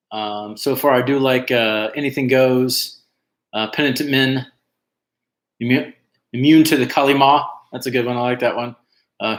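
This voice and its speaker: A man hosting an online trivia night, chatting casually and reading out team names with lots of fillers. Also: medium pitch. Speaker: trivia host. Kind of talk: casual livestream chat. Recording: echoey room.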